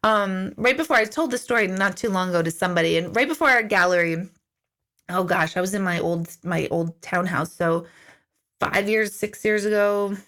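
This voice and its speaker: Middle-aged woman doing a chatty live q&a, normal pitch, tells stories and acts out what she said. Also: normal speed. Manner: chatty, storytelling, quotes herself in lively asides. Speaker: intuitive medium answering viewer questions. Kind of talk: casual live-stream Q&A.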